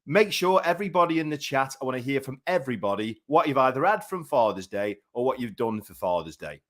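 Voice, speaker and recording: A man's voice: medium pitch, very animated, brisk. A man in his thirties hosting a live boxing talk show, chatty and rambling with many fillers. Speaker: boxing show host and commentator.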